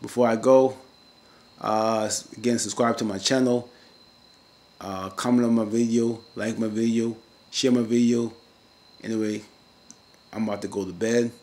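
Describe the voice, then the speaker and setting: A man casually recapping a TV episode in a slangy, rambling way, breaking into loud, high-pitched rants now and then. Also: steady tone, normal speed, pauses often. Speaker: TV recap vlogger.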